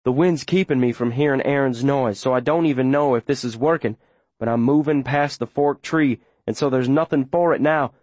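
A man's voice: medium pitch, moderate pace, darkish tone, dry recording. Man narrating an urgent, tense audiobook. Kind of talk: first-person audiobook narration.

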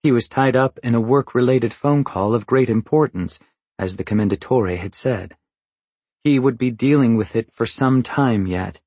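In a dry recording, an audiobook narrator with a mid-range voice reads a novel aloud. His scripted delivery is even and measured, a steady storytelling manner.

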